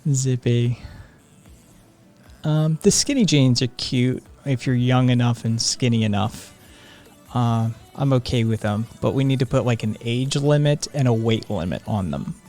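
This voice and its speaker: A live stream host chatting casually and reading viewer comments in a soft, sedated way, with frequent ums and laughs. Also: medium pitch, moderate pace, soft background music.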